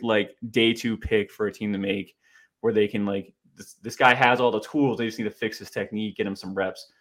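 A young man co-hosting a podcast, telling a self-deprecating story in a rambling, animated way with lots of filler words. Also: on the low side. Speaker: podcast co-host. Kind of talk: casual storytelling chat.

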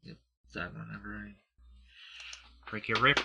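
A man as co-host of a casual chat, dropping deadpan jokes. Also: fairly low pitch, unhurried, vocal fry. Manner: deadpan joking.

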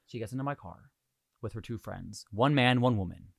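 A man's voice: medium pitch, normal speed, vocal fry, dry recording, clean studio sound. A young man from Hawaii hosting a casual podcast, telling a story in a jokey, profane way. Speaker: podcast host.

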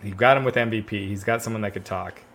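A man's voice: on the low side, fairly even intonation, fast, fairly bright tone. Rambling man in casual wrestling chat. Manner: rambling, fills with "uh" and restarts. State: drinking wine, relaxed. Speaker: podcast co-host.

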